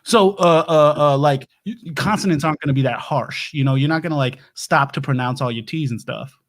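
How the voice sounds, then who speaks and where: A man's voice: a little high, brisk, fairly bright tone, lightly acted. A man playing a folksy doomsday prep lecturer, hosting a comedy livestream with rambling, stammering talk. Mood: explaining. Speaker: show host.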